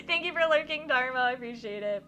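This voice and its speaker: Young female streamer reading a game aloud, gushing and giggly, bright tone. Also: sits high, expressive, brisk, soft background music. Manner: bubbly, giggly, gushing reactions.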